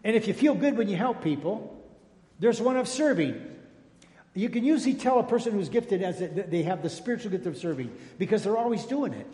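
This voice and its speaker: An older male pastor with a high-sitting, dark-toned voice preaches a sermon in a church sanctuary, talking a little fast with lively intonation. His style is folksy and jokey, full of call-outs to the congregation. The recording echoes through the church hall.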